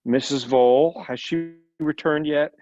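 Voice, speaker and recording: A man reading the lines of a quiet, hesitant male lawyer in a story. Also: a little high, fairly even intonation, a little slow, faint music behind, natural voice. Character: careful middle-aged male lawyer. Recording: dull lo-fi recording.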